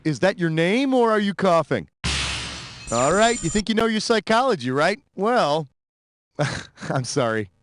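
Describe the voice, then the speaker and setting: A man's voice: sits high, sing-song, unhurried, long pauses, background noise. Wisecracking man hosting a quiz game. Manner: wisecracking, sarcastic, hammy. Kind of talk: scripted game show hosting. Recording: loud music under the voice.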